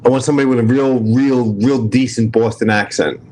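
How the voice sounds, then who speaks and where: A man's voice: medium pitch, steady tone, brisk, mellow, low-quality recording. A man with a strong New York accent, hosting a casual livestream chat, brash and profane as he jokes with his viewers. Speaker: livestream host.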